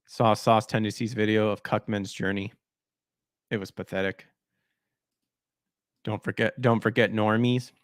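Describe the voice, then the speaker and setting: A man's voice: fairly low pitch, level tone, measured pace, long pauses, dry recording, clean studio sound. A man hosting a gaming podcast, ranting sarcastically about news articles in a mocking, crude way. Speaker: podcast host.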